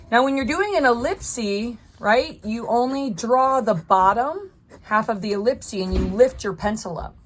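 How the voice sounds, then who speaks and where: A woman art teacher talks through her drawing in a chatty, encouraging way, thinking aloud as she works at her desk. Her voice sits at an ordinary middle pitch. A faint hiss of background noise runs under the recording. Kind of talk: narrated drawing tutorial.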